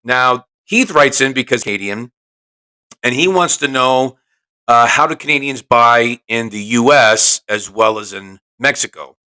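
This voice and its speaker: Brief: chatty male podcast host, salesy and brash, mid-pitched. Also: a little slow, bright, forceful tone, smooth, rough recording. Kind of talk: casual solo podcast talk.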